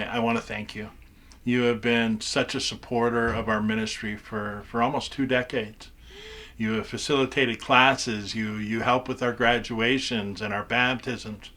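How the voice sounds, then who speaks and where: Earnest pastor with halting repetitions. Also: male voice, medium pitch, flat delivery, pushed and bright. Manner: earnest, stumbles and repeats words. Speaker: pastor and mission chaplain. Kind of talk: prepared farewell tribute. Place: church.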